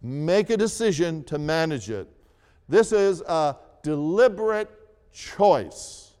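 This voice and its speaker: A man preaching a sermon as a pastor, in a slow, deliberate style that repeats key phrases and rises for emphasis. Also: fairly high pitch, animated, darkish tone, clear, resonant tone. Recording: long reverb of a large hall.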